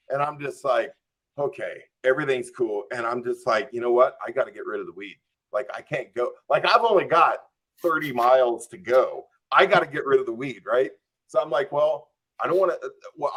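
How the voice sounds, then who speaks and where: A man guest on a podcast telling a long anecdote, acting out his own thoughts and peppering it with "like.". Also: medium pitch. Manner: animated, acts out his own quoted thoughts; frequent "like" and "I'm just like" fillers.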